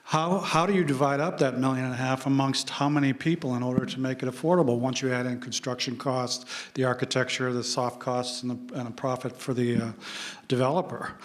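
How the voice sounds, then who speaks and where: A man's voice: mid-range voice, steady tone, brisk. A man arguing his side in a live public debate in a hall, speaking with many restarts and a Canadian English accent. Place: lecture hall with audience.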